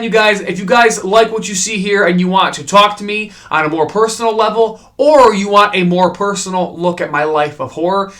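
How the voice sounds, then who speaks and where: A man's voice: a little high, fairly bright tone. A young man casually reviewing a horror film for his channel, openly emotional and enthusiastic, swearing freely. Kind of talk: casual spoken movie review.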